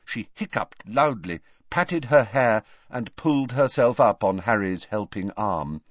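A man reading an audiobook aloud in an animated way. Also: on the low side, unhurried, no echo. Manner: animated, varied character voices. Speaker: narrator. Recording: dry, dull lo-fi.

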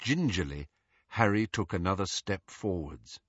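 A man reads a storybook slowly, his husky voice rising and falling widely. The tone is bright and the sound dry and close. The audio is slightly dull. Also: sits low, dry recording. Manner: measured, expressive. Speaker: audiobook narrator. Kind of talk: storybook narration.

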